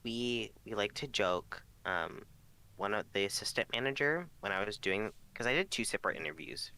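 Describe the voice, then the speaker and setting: Bright-voiced young man rambling through stories. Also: lowish voice, animated, moderate pace. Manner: rambling storytelling, heavy swearing, lots of fillers. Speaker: podcast co-host. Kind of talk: casual chat.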